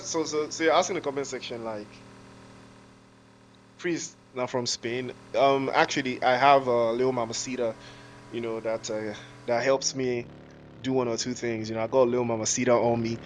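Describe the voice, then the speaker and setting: A man casting live esports, mixing play-by-play with joking, slangy chat banter and frequent laughter, on a headset mic with faint background noise. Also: medium pitch. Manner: jokey, rambling, slangy, laughs often. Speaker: esports caster.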